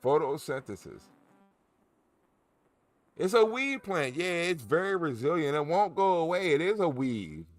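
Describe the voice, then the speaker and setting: Animated rambling man hosting a livestream. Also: on the high side, a little slow, long pauses, soft background music. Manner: animated, rambling and jokey, with many restarts. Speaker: cannabis grow livestream host. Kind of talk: casual livestream chat.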